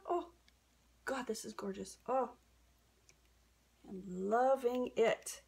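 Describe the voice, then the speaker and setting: A woman's voice: fairly high pitch, slow, gravelly, a little mellow, slightly rough. A woman artist narrating her painting in a casual, gushing way, often dropping into a whisper, recorded on a camera on a stand. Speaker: acrylic pour artist.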